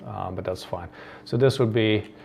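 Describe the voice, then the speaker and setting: Gravelly Dutch-born man explaining code. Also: fairly low pitch, moderate pace, a little mellow, a little hiss or hum. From Netherlands. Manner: thinks aloud, many ums and restarts. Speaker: coding tutorial host. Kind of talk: screen-recorded coding tutorial.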